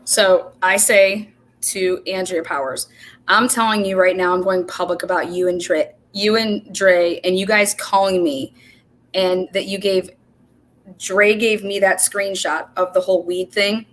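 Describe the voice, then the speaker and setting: A woman hosting a casual livestream, telling an animated, profane story and quoting the dialogue back and forth. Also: medium pitch, unhurried. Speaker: show host.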